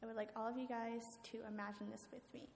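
A woman preaches in a relaxed, chatty way, leaning on filler words as she walks listeners through a story. Her slightly high voice has a gravelly edge. The long reverb of a church hall and faint room ambience surround her. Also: fast talker, slight background noise. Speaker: guest speaker. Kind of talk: storytelling sermon.

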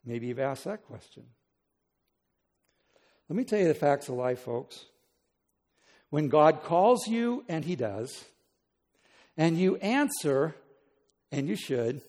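A man's voice: fairly high pitch, warm tone. Preaching man in a reverberant hall. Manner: dramatic preaching, acting out pleas to God with rising voice. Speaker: pastor. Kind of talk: sermon.

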